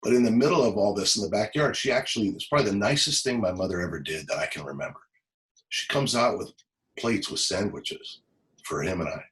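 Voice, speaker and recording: A man from Los Angeles, a former police officer, telling an emotional personal story in an interview, halting and repeating words as he goes. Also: on the low side, fairly bright tone, rough recording.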